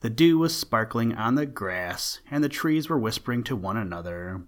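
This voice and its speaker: A man narrating an old-fashioned children's storybook in a gentle storytelling manner. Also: mid-range voice, expressive, normal speed.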